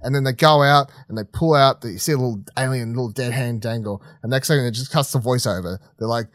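A man's voice: mid-range voice, fast talker, no room sound. Casual male co-host, dry close sound, loose rambly delivery with plenty of swearing and laughs. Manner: rambling, restarts, swears freely; laughs often while telling stories. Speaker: podcast co-host. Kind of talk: casual chat reviewing films.

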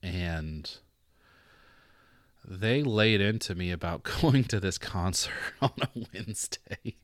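A young man hosting a podcast, telling a personal story in a casual, animated way, acting out the voices of the people he quotes and laughing often. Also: deep voice, slow pace, dry recording, clean studio sound. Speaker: podcast host.

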